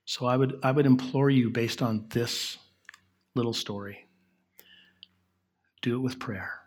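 Husky-voiced man preaching casually. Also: mid-range voice, fairly even intonation, unhurried. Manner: conversational, drops to a soft hush on key lines. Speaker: pastor. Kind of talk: sermon.

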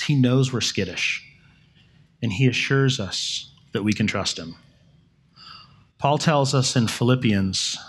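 A man preaching a sermon in a conversational, storytelling way, correcting himself and pausing for effect. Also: on the low side, breathy edge. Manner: conversational, with self-corrections and dramatic pauses.

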